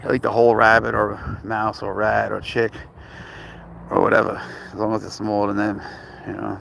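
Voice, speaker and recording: A man's voice: completely flat delivery, normal speed, gravelly, slight background noise. Laid-back man chatting live to viewers. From Canada. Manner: slangy, shouts out viewers' locations; rises into high playful baby talk with his pet. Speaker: pet livestream host. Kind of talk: casual live chat with viewers.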